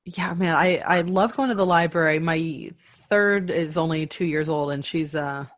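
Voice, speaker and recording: A woman hosts a relaxed interview and trades stories with her guest. She asks curious follow-up questions in an easy, conversational voice. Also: sits low, normal speed, no room sound. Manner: curious, shares anecdotes, asks follow-ups. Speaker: podcast host. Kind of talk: casual interview chat.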